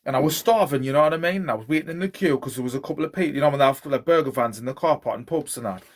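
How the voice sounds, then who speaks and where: A man's voice: medium pitch, racing. A man telling rambling, sweary anecdotes in a casual chat.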